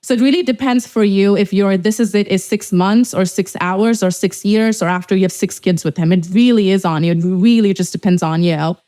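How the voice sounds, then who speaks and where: Young woman podcast host, casual, animated, profane, jumps into quoted voices. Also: fairly quick, hardly any pauses. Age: young adult. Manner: animated, swears freely, acts out quoted people in a higher voice. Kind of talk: casual chat.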